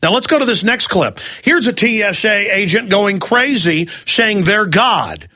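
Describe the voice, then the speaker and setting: Male talk radio host, ranting hard, high forceful voice, fires off angry questions. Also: big pitch swings. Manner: angry, ranting, rapid-fire rhetorical questions. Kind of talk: heated talk radio rant.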